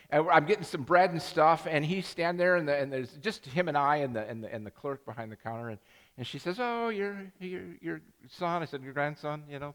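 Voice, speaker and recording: A man's voice: a little high, a bit bright, in a large hall. An older man preaching a sermon as pastor, telling stories with many restarts and self-deprecating jokes. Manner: rambling storytelling with many restarts and asides. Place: church sanctuary.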